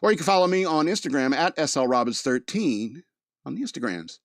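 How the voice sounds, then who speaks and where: A man's voice: fairly high pitch, very animated, fairly quick, no room sound, studio quality. Laughing, rambling male podcast host. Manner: rambling, laughs at his own story, frequent restarts. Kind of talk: casual storytelling monologue.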